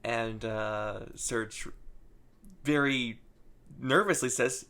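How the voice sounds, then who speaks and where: A man co-hosting a casual comic book chat, recapping in a halting way full of fillers. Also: mid-range voice, expressive, gravelly, fairly bright tone, clear, resonant tone. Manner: halting, lots of fillers and laughs. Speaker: comic book podcast co-host.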